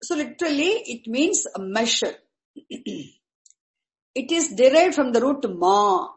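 A woman teaching Sanskrit terms, speaking deliberately and repeating each key word. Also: high voice, big pitch swings. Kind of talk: slow explanatory lecture. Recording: echoey room.

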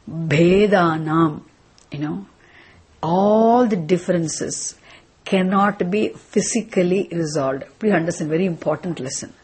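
A woman's voice: on the low side, a little mellow, husky. A woman teaching a scripture class, asking questions and answering them herself, repeating the key phrases. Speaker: Vedanta teacher.

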